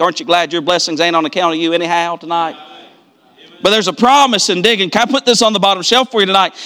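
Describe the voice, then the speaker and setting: Preacher guy, high bright voice, builds up to hollering, keeps repeating lines. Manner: rising to fervent shouted cadence, repeating phrases. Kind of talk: revival-style preaching.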